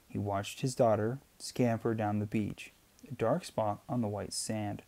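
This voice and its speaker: A man reading a novel aloud in a steady voice, with occasional slips and restarts. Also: fairly low pitch, measured pace. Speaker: amateur reader. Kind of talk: audiobook reading.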